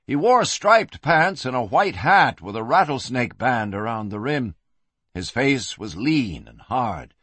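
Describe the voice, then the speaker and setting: A man narrating an audiobook with expressive storytelling. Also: medium pitch, no echo.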